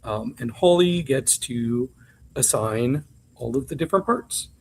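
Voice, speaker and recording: A man's voice: mid-range voice, lively intonation, a little slow, gravelly, slight background noise. A man co-hosting a podcast, recapping reality TV in a chatty, candid way with frequent ums and asides. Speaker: podcast co-host. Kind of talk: casual chat recapping reality TV.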